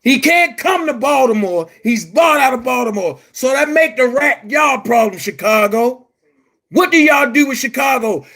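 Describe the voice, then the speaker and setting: A man delivering a heated, profane vlog rant as an online commentary host, often shouting and repeating himself for emphasis. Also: very high voice, lively intonation, normal speed. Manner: blunt and emphatic, repeats phrases.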